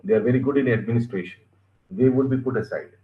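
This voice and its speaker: A man with an Indian English accent teaching a scripture class, animated and stressing words as he gives examples. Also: medium pitch, fast talker, reverberant, phone-quality sound.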